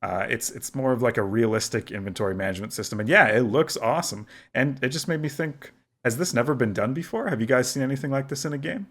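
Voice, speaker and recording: A man's voice: mid-range voice, quick pace, fairly bright tone. Easygoing man leading a gaming podcast. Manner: easygoing, leads the segments with curious questions. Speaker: podcast host. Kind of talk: casual podcast chat.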